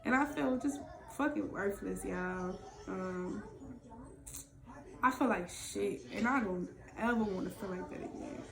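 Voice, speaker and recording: A woman's voice: mid-range voice, unhurried, gravelly, reverberant. A woman candidly telling her own story in a raw, emotional, profane way, as a vlog co-host.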